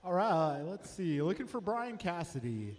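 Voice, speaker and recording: Race announcer, male, fairly high voice, brisk calls of lap times, echoing venue with faint hum. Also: big pitch swings. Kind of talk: race commentary.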